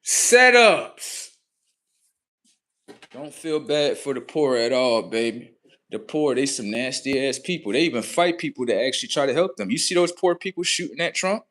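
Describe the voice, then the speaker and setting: A man hosting a livestream, swearing heavily in a mocking rant that swings between loud high outbursts and low muttering. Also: animated, moderate pace. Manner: heavy swearing, mocking, talks at the audience. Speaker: livestream host.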